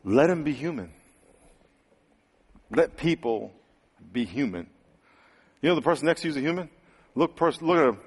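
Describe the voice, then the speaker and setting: High-voiced animated man preaching in a hall. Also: moderate pace, long pauses, slightly rough. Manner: animated, acts out quotes, swings loud and quiet. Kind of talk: sermon. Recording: hall reverb.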